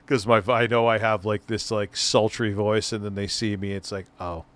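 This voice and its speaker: A man's voice: fairly low pitch, flat delivery, takes it slowly. A middle-aged man hosting a live stream, reacting to a clip with casual, mocking, profane commentary.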